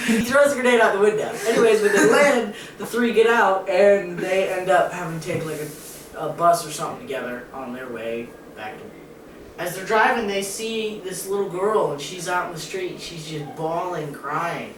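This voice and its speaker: A young person telling jokes casually, animated and laughing mid-story. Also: mid-range voice, normal speed. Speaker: channel co-host. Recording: echoey room from a distance, faint noise.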